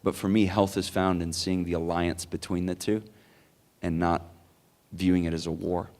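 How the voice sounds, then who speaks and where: Low-voiced male speaker, earnest and rambling Q&A answers, lots of "like"s. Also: level tone, normal speed, darkish tone. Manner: earnest, rambling, many likes and restarts. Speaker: conference speaker. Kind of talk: Q&A answer, storytelling. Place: conference hall.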